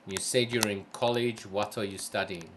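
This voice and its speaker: Sounding tired and yawning, a man running a live game stream chats easygoingly with viewers, reads their messages aloud and asks lots of careful, polite questions. His fairly low voice has fairly even intonation and a moderate pace, with a little hiss or hum.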